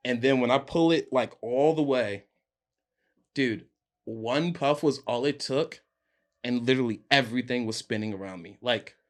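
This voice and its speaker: Speaking at a moderate pace in a medium-pitched voice, a young podcast guest recounts a story during casual chat. He's lively and laughing, voicing his friends' lines himself.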